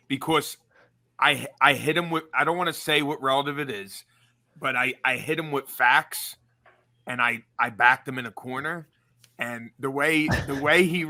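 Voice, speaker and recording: A man co-hosts a casual podcast and tells a story with laughter. His voice is very bright and sharp. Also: mid-range voice. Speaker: podcast co-host.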